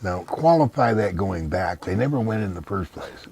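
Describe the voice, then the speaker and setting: A man's voice: lowish voice, lively intonation, moderate pace, background noise. A man being interviewed in casual conversation, blunt and dismissive, giving long rambling explanations. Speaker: interview guest.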